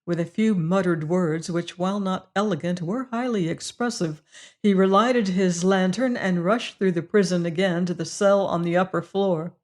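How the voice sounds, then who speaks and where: A woman reading a classic mystery story aloud as an audiobook narrator, in a measured style. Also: lowish voice, fairly even intonation, a little mellow. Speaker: audiobook reader.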